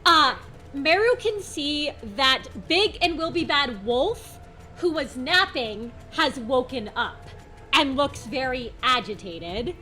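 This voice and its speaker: A woman's voice: high-pitched, expressive, slow, bright, forceful tone, soft background music. A woman running a tabletop game as game master, describing scenes in a teasing, playful way over a voice call.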